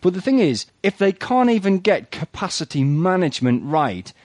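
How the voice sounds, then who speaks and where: A man's voice: high voice, sing-song, darkish tone, no room sound. Jokey podcast host man, dry close sound. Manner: brisk, jokey, keeps adding "right?". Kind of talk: casual tech news podcast.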